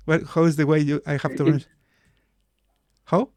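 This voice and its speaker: A man's voice: on the high side, flat delivery, quick pace, darkish tone, no room sound, studio quality. A man hosting an online meeting on a video call, chatting and reading out names, asking how to pronounce them. His first language is Spanish. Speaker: meeting host and mentor.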